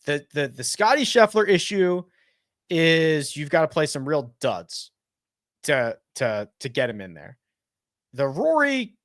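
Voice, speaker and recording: Animated, chatty man live-streaming. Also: a little high, no room sound, studio quality. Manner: animated and chatty, thinks out loud with quick self-corrections. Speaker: host of a golf betting and fantasy live chat. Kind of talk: casual live-stream chat answering viewer questions.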